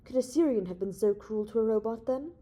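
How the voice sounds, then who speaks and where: Woman reading a young male space hero, authoritative, reasoning, persuasive, mellow tone, audiobook. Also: on the high side, a little fast, natural voice. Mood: confident, reasoning.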